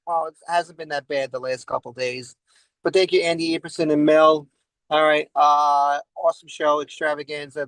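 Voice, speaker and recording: A man's voice: on the high side, fairly bright tone, dry recording, rough recording. Man, 40s, stand-up comedian, rambling, frequent "all right?" asides, in his car, video call, dry sound.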